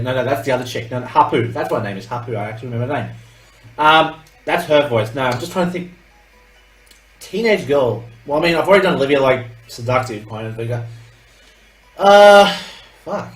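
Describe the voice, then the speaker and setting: Swearing Australian gaming commentator. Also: male voice, mid-range voice, animated, brisk, long pauses. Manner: swearing, laughing, self-mocking asides. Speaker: let's play host. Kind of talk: gameplay commentary. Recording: echoey room, distant mic, game music.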